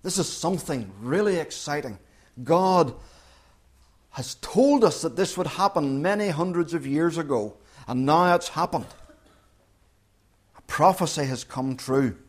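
A man's voice: lively intonation, unhurried, pauses often. A man preaching a sermon, who acts out the crowd's and Peter's words with dramatic rises and falls. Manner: dramatic, acts out quoted voices with big swings in pitch.

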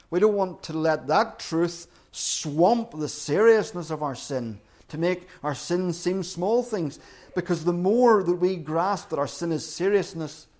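A man preaching a sermon in an earnest, deliberate way, repeating key phrases for emphasis. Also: fairly high pitch, darkish tone. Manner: earnest, emphatic repetition with slow deliberate pauses.

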